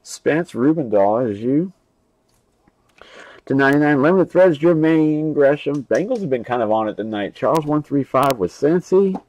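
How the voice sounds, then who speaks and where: A man's voice: fairly high pitch, animated, normal speed, a little mellow, dry recording, rough recording. A young man hosting a live card break stream, casually rambling and reading off names and card numbers.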